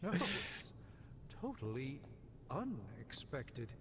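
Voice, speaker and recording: An actor playing a proud, fussy middle-aged sorcerer who speaks in formal, grandiose wording. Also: male voice, medium pitch, sing-song, slow, very noisy. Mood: indignant.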